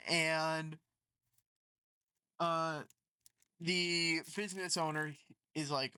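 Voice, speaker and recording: Bright rambling storytime narrator. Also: medium pitch, moderate pace, no room sound. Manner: rambling, filler-heavy retelling. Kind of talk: casual storytelling.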